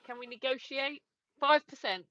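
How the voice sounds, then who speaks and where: A woman's voice: sits high, moderate pace, fairly bright tone, no echo. A woman co-hosting a casual livestream, laughing often and reading viewer comments aloud. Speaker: livestream co-host. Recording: dry, slightly dull lo-fi stream audio.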